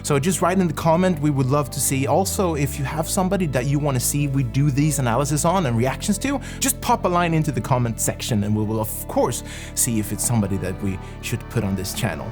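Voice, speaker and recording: A man co-hosting a reaction video that analyses public speaking. He talks in an enthusiastic, excitable way and laughs often. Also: mid-range voice, quick pace, few pauses, over music.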